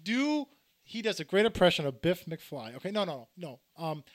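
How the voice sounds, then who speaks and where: A man's voice: sits high, sing-song, normal speed. A man hosting a casual comedic interview, joking constantly, laughing often and tacking "okay" onto his lines. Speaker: talk show host.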